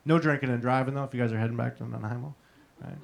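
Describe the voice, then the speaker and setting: A young man works through a stand-up comedy set, spinning stories with punchy asides. He tags his jokes with a quick "right?" and chats with the audience between bits. His pitch sits in the ordinary middle for a man. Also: fairly even intonation, vocal fry. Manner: storytelling with punchy asides and crowd banter. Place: live comedy showroom.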